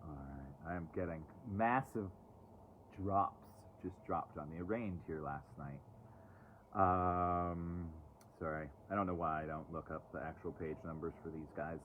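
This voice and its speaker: A man's voice: low voice, measured pace, slight background noise. A man casually reading oracle cards on a live stream outdoors, chatty with sarcastic asides. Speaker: oracle card reader. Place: outdoors, away from home. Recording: tinny phone-like live stream.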